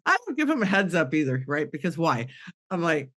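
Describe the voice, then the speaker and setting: A middle-aged woman appearing as a guest medium earnestly tells an emotional personal story, a little slowly and with big pitch swings. She acts out dialogue with a rising voice, then goes low and soft when moved.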